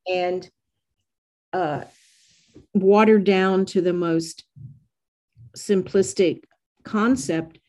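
An older woman with a Southern American accent, speaking slowly and thoughtfully as an interview guest. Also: fairly low pitch, steady tone, a little mellow. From United States. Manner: measured, slow, thoughtful delivery. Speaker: yoga teacher, interview guest. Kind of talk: reflective conversational interview.

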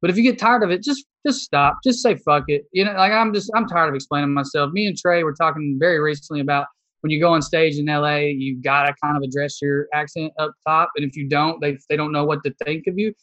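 A man's voice: a little high, fairly even intonation, quick pace, fairly bright tone. A man with a Southern US accent, a comedian and podcast guest, speaking his opinions bluntly and with some swearing in a candid interview. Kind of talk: candid conversation.

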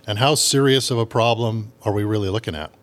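A man hosting a podcast, asking a guest measured questions. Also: fairly low pitch. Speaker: podcast host. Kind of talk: interview questions.

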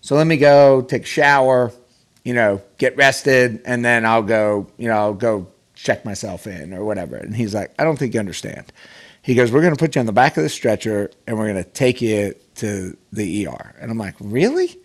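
A man guest on a podcast, telling a personal story in a casual, animated way with many restarts. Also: lowish voice, moderate pace. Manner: animated, acts out quoted voices, many restarts. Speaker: podcast guest, pro golfer.

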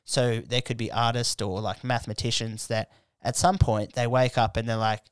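A man's voice: mid-range voice, fairly even intonation, moderate pace, clean tone, no echo, clean studio sound. A young man, hosting a casual podcast chat, rambling through stories and swearing freely. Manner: rambling storyteller, swears freely, acts out friends' voices. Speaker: podcast host.

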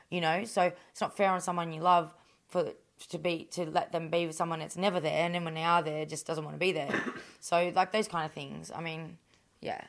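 A woman's voice: low-pitched, steady tone, brisk. Blunt, swearing Australian woman. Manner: blunt, swears constantly, rambling. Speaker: professional boxer, guest. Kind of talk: candid interview chat.

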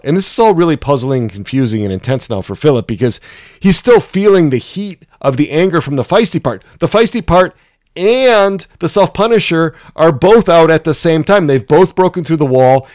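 A man's voice: a little high, darkish tone, no room sound. Man, psychotherapy teacher, storytelling lecture, frequent "right?", dry close recording. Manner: storytelling, often checks in with "right?". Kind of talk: teaching through a case story.

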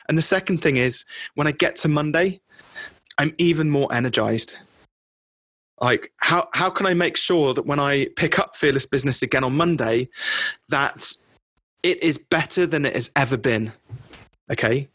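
Middle-aged man, a business coach speaking on a group call; pitched a little high, husky, dry close sound, chatty and keeps checking in. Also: fairly bright tone, dry recording. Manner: conversational, often checks in with "okay?".

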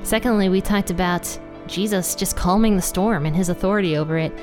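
A woman hosting a casual Bible study podcast. She talks in a chatty, animated way and laughs at her own asides. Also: fairly low pitch, fairly quick, music in the background. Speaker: podcast host teaching the Bible.

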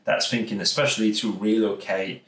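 A man's voice: fairly low pitch, steady tone, moderate pace, fairly bright tone. A man with a Welsh accent hosting a podcast, chatting casually and effusively as he wraps up an interview. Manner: upbeat, effusive, rambling. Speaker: podcast host. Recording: roomy echo.

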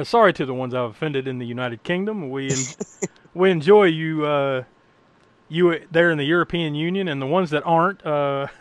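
A man's voice: on the high side, fairly bright tone, no room sound. A man from the United States hosting a podcast, recapping a film in rambling casual chat, laughing often and swearing freely. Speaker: podcast host.

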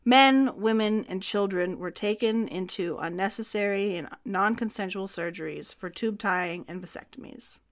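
A woman's voice: mid-range voice, normal speed, hardly any pauses. A woman co-hosting a history podcast, explaining historical laws in an earnest, conversational way. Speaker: podcast co-host.

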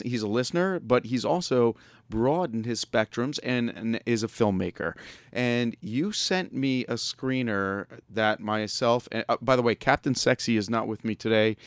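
A man's voice: mid-range voice, dry recording. A man hosting a podcast in casual interview chat, joking and laughing often as he rambles. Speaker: podcast host.

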